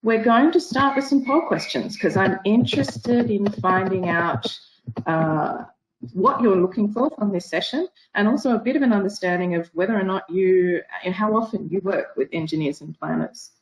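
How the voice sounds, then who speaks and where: A woman's voice: mid-range voice, moderate pace, poor audio. Australian woman speaking in a morning voice. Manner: friendly, chatty, apologetic asides. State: early-morning voice. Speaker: guest speaker. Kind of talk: webinar presentation. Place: home.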